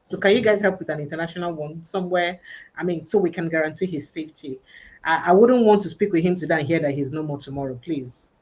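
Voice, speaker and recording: A woman's voice: low-pitched, fast talker, a little mellow, breathy edge. A Nigerian woman hosting a livestream panel, earnest and pleading, sometimes slipping into pidgin. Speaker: livestream host.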